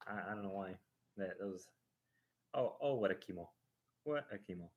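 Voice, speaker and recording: Male stream host, lowish voice, casual rambling storyteller who acts things out. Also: normal speed, phone-quality sound. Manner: animated, acting out a ride with sound effects; rambling, with restarts and fillers.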